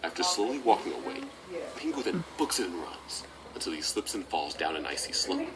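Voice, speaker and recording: A man's voice: deep voice, wildly swooping pitch, a little fast, over a noisy crowd, low-quality recording. A man narrating a scripted recap video in a reading tone, stumbling now and then.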